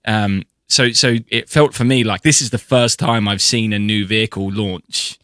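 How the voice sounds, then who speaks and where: A man co-hosting a podcast, speaking in a measured way with frequent fillers. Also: lowish voice, fairly even intonation, a bit bright, no echo, clean studio sound. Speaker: podcast co-host. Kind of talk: casual chat.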